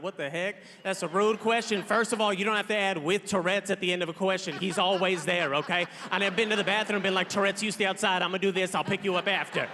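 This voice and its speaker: High, bright comedian on a big stage. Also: male voice. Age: 30s. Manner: loud, playful, acts out characters. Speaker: stand-up comedian. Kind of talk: stand-up comedy set. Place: large theater stage. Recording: long hall reverb, crowd noise.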